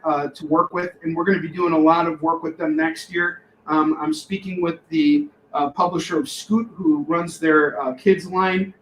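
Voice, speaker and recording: A man co-hosting a live comic shop sales show, pitching deals in an excitable, loud way and shouting catchphrases. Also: roomy sound, a little hiss or hum, rough recording.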